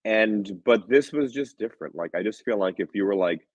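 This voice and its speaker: A man with a deep, low voice chats as a film director in an interview. He tells animated stories, acting out the quotes and laughing often. The sound is dry and a bit dull, like a modest lo-fi setup. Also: normal speed, dry recording. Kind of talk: casual interview talk.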